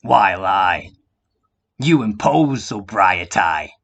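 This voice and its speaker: A man's voice: deep voice, drawn-out words, gravelly. Man ranting at the viewer. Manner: confrontational, rhetorical questions, profanity; drops into a quiet calm voice at times. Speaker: vlogger. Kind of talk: heated monologue to the viewer.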